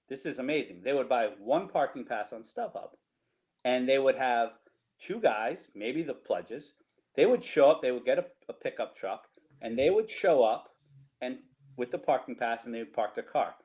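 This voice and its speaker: A middle-aged man with a New Jersey accent tells tailgating stories over slides in a casual, animated way, often laughing and tagging lines with "right?". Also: medium pitch, low-quality recording. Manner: animated, laughing, repeats himself, rhetorical "right?". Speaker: storyteller guest.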